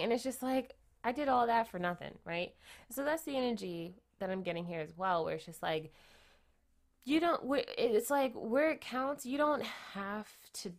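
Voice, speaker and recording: A woman giving a casual tarot reading, chatty, often tagging her points with quick questions and repeating herself. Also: mid-range voice. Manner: chatty, keeps adding "right?" tag questions; repeats and restarts phrases. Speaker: tarot reader.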